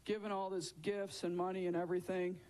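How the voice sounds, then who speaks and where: A man's voice: sits high, flat delivery, fairly quick, darkish tone, poor audio. A man teaching a children's Bible lesson in a chatty way, often asking his listeners questions.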